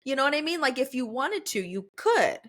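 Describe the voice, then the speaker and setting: Her voice is high and a bit bright, swinging widely in pitch as she talks fairly quickly. This young podcast host keeps the interview casual and supportive, laughing frequently and addressing her guest as "girl."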